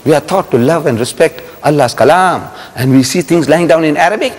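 A man's voice: a little high, a little fast. Older South African man lecturing, echoey hall. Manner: animated storyteller with rhetorical questions to the crowd. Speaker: Islamic lecturer. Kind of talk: religious lecture to a live audience. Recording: echoey hall with long reverb.

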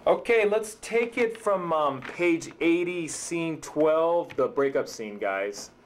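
A lively, up-and-down male voice from a man playing a smug, defensive writer. He shoots back dry retorts. A faint hiss runs underneath. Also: a little high, slow pace. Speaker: director and writer. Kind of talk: indie comedy drama acting.

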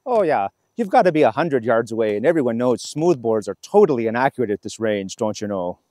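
A man's voice: sing-song, a little fast, warm tone, dry recording, studio quality, natural voice. A man playing a brash, mocking Yankee soldier with an exaggerated put-on Minnesota accent. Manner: brash, mocking, high-pitched jabs.

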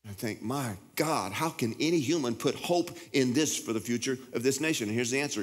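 Fiery Texan pastor in a big hall. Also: male voice, brisk, few pauses. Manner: fiery, emphatic preaching with big pitch jumps. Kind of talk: sermon. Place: large church hall. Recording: reverberant church hall.

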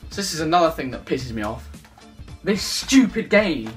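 A young man, ranting loudly and excitably to the camera in a gaming vlog. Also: sits high, normal speed, slightly rough, faint music behind. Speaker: YouTuber.

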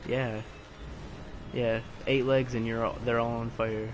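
A man's voice: medium pitch, flat delivery, moderate pace, background noise. A man commentating a video game live, frustrated, swearing and taunting the enemies on screen. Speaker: let's play gamer.

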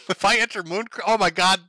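Hosting a loose livestream, a man chats casually and reads the chat aloud in a slightly high, bright voice with a steady tone and moderate pace. He's crude and joking, laughing often between lines. The sound is close and dry, with no room around it.

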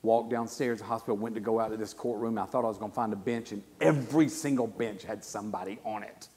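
A man, preaching a sermon and telling a personal story, his voice swinging from hushed to loud. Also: fairly low pitch, steady tone, quick pace. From South Carolina. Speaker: guest preacher. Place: church sanctuary. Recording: long church reverb.

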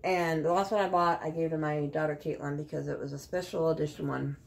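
A middle-aged woman chatting casually through a beauty unboxing, blunt and quick to cuss. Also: low voice, fairly even intonation, vocal fry. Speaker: beauty vlogger.

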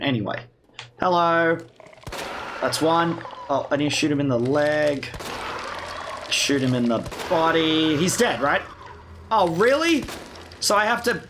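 Sarcastic gamer man with a higher voice. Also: fairly bright tone, a little hiss or hum. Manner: sarcastic, self-mocking, swearing. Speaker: let's play gamer. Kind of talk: casual gameplay commentary.

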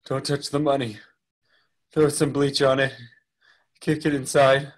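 A worn-out dying man sprawled on a hallway floor, played by an actor, giving his last orders in short, resigned lines. His voice is an ordinary mid pitch for a man. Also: level tone, measured pace, lightly acted. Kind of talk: stage drama reading.

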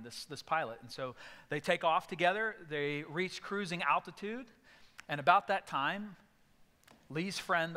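A man's voice: a little high, sharp tone, long reverb tail. A male pastor giving a sermon, telling stories and acting out voices in bursts. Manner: storytelling with sudden acted outbursts. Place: church sanctuary.

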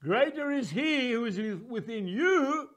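A man's voice: expressive, a little slow. Older man preaching with force. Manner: forceful and emphatic, swinging from booming to hushed. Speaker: evangelist preacher. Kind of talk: sermon.

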